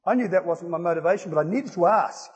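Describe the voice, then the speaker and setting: A man preaching an evangelistic sermon, emphatic and rising to loud exclamations. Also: sits high, animated, quick pace, slightly rough. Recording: reverberant hall.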